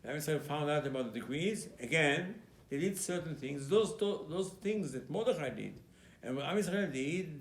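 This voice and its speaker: A rabbi with a gravelly, creaky voice gives an emphatic sermon, now and then slipping into the voices of the figures in his story. His words ring around a roomy, echoing space. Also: fairly high pitch. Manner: emphatic storytelling, acting out dialogue between biblical figures. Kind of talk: Purim sermon. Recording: echoey room.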